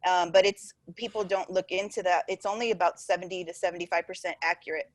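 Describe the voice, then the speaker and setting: A woman's voice: lowish voice, quick pace, no room sound. Chatty young woman telling a story. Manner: animated, laughing storyteller with many fillers. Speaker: podcast host. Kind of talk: casual storytelling chat.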